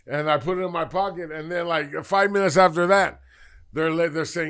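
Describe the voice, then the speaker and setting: A high-pitched man tells a rough, rambling story full of swearing. He slips in and out of the voices of the people he quotes. It is loose, casual chat. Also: brisk. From Southern California. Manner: profane, rambling, animated retelling with quoted voices. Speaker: podcast guest storyteller.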